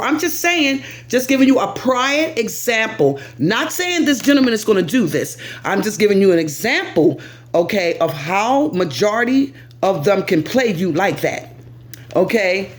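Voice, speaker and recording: American woman vlogger, lively commentary to camera, big pitch swings. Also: moderate pace. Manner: animated, lively, pitch swings, talks straight to viewer.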